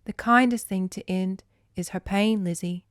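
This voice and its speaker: A woman voicing a compassionate mother in a soft, tearful tone while reading a storybook. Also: medium pitch, normal speed, no room sound, clean studio sound, lightly acted. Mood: tender.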